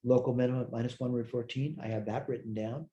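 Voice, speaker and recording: A man's voice: medium pitch, fairly even intonation, fast, warm tone, muffled recording. A tired man teaching a recorded math lecture, thinking aloud as he works problems, correcting himself and answering his own questions. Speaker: math instructor.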